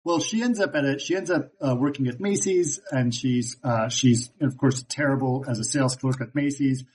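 A man with a middle-pitched voice walks through a story in a loose, easygoing way. He often stops to search for words and fills the gaps with "uh". His delivery stays relaxed and conversational. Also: normal speed, low-quality recording. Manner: hesitant, many fillers. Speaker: podcast co-host. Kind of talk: casual chat.

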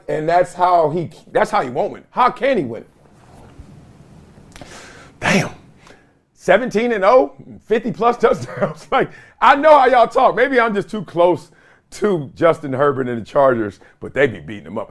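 A man's voice: on the high side, normal speed. A middle-aged man hosting a sports podcast, talking in a loose, slangy way and laughing often. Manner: animated, slangy, laughs often, mimics others in quotes. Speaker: podcast host. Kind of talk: casual sports commentary.

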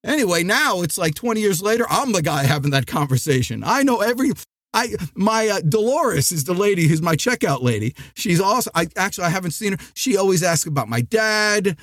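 A middle-aged man from New Jersey hosting a sales podcast, talking in an animated, rambling way with frequent restarts. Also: high-pitched, fairly quick, dry recording, clean studio sound. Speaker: podcast host. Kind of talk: energetic sales podcast monologue.

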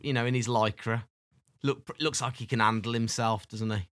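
A man's voice: medium pitch, fairly even intonation, moderate pace, a bit bright. A man hosting a podcast, playful and teasing in casual chat. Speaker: podcast host.

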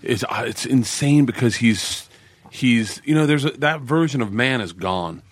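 A man's voice: mid-range voice, measured pace, no echo. A middle-aged man from the American South, telling stories in casual chat and acting out the people he quotes. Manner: animated storyteller, acts out quotes.

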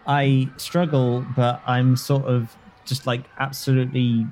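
A man's voice: medium pitch, little pitch movement, measured pace, a little mellow, a little hiss or hum. A British man playing a tabletop role-playing game, jokey and self-deprecating, often laughing. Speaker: player.

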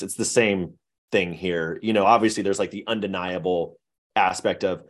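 A man with a very deep voice is a podcast guest, chatting casually. He talks candidly and at length, often restarting his sentences as he thinks. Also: steady tone, brisk. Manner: rambling, candid, self-correcting. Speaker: guest, web series creator.

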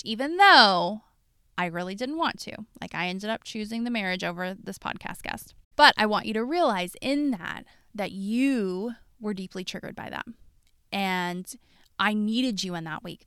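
A woman in her thirties hosts a podcast, telling her own story in a candid, animated monologue full of fillers and the odd curse. Her voice is bright and crisp. It is recorded close and dry, with no room sound. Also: mid-range voice, no echo. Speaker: podcast host.

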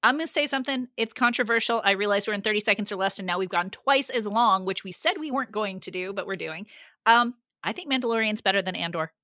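A woman's voice: medium pitch, fast, pushed and bright, dry recording, clean studio sound. A woman hosting a geeky podcast, playful and giggly in casual chat, humming silly sound effects. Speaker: podcast host.

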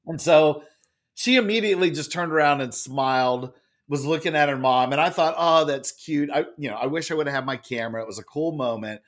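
Loud, lively man telling a story. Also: on the high side, fairly quick. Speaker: guest, author and speaker. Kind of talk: animated storytelling in a podcast interview.

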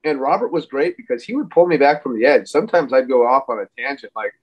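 A man's voice: medium pitch, expressive, fast talker. Rambling man on dull lo-fi audio. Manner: rambling, full of fillers and restarts. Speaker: podcast guest, wrestler. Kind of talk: casual interview chat.

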